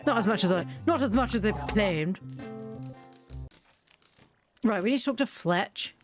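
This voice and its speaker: A woman's voice: medium pitch, lively intonation, a little slow, over music. A woman chatting casually while she plays a video game, rambling and often restarting her sentences. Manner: chatty, rambling, self-interrupting. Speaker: gaming channel host. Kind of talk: casual let's-play commentary.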